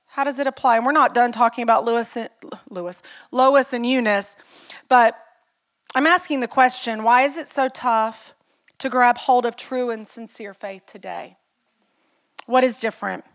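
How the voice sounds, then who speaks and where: Earnest middle-aged woman pastor preaching. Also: a little high. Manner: earnest, personal storytelling with rhetorical questions. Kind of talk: sermon.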